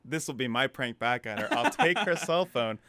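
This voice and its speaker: A man's voice: mid-range voice, moderate pace, dry recording. A young man co-hosting a podcast, telling a story in casual chat and acting out the quotes. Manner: animated storytelling, acts out quotes. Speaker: podcast co-host.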